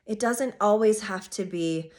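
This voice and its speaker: A woman astrologer giving a casual weekly forecast, talking straight to her viewers with emphatic, animated delivery that sometimes drops to a soft hush. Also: mid-range voice, a little slow.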